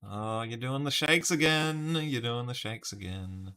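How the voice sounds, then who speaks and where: A man's voice: medium pitch, unhurried, sharp tone, clear, resonant tone. A man casually live-streaming a word puzzle, thinking aloud over his guesses and chatting with viewers by name. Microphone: webcam stream setup.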